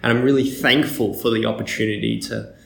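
A man co-hosting a podcast in casual chat, talkative and quick to laugh, getting animated when retelling a story. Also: lowish voice, vocal fry, a little hiss or hum. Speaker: podcast co-host. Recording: echoey room.

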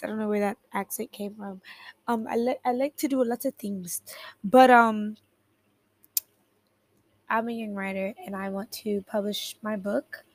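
A woman's voice: mid-range voice, fairly even intonation, measured pace. A teenage girl hosting a podcast in a casual chat, rambling, giggling and correcting herself as she talks, at her computer in her bedroom. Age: teens. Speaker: podcast host. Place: bedroom at home. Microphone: headphones at a computer keyboard.

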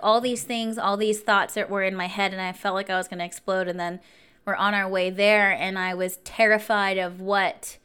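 A woman in her twenties telling a story in a casual vlog, animated and chatty, full of fillers. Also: medium pitch, clear, resonant tone. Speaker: vlogger.

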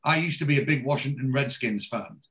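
A man's voice: medium pitch, fairly quick, a bit bright. A middle-aged man from Newcastle with a Geordie accent, swearing and rambling casually as a podcast co-host. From west end of Newcastle. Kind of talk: casual chat, retelling a TV scene.

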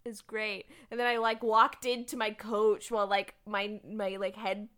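A woman's voice: mid-range voice, level tone, a little slow, fairly bright tone. A woman co-hosting a casual chat, recapping a drama plot with filler words and frequent laughs. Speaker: podcast co-host recapping a drama.

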